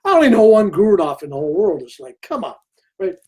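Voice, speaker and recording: Brief: older male guest, husky and warm, a lively storyteller who slips into others' voices. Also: sits high, fast talker. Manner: animated storyteller who acts out other people's lines. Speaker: interview guest. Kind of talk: storytelling in conversation.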